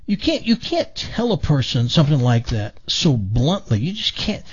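A man's voice: a little high, very animated, moderate pace, slightly rough, lo-fi sound. A man telling a joke voices an upset woman who lectures her brother for giving bad news too bluntly. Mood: indignant. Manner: indignant, lecturing.

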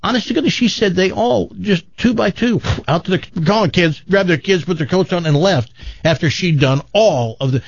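A man's voice: high-pitched, fairly quick, gravelly, no room sound, dull audio. A middle-aged man hosting a radio talk show, telling stories in casual banter and acting out the people he quotes. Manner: animated storyteller, acts out quoted voices.

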